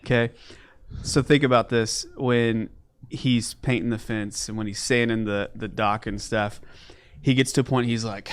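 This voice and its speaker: A man's voice: medium pitch, fairly even intonation, measured pace, clear, resonant tone. A man co-hosting a faith talk show, playfully acting out movie scenes as examples. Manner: playful, acts out quotes from movies.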